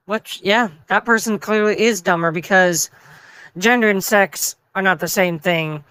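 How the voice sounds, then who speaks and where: A woman's voice: mid-range voice, unhurried, fairly bright tone, smooth, no echo, poor audio. A woman hosting a casual meme reaction video, chatty and opinionated, reading the memes aloud.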